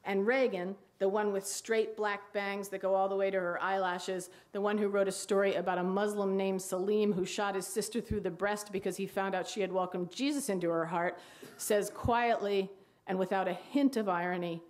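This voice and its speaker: A woman teaching in a lecture hall lectures wryly about crafting dialogue, pausing to read excerpts in which she drops to a hushed low voice for the quoted lines. Her intonation is fairly even and her pace moderate.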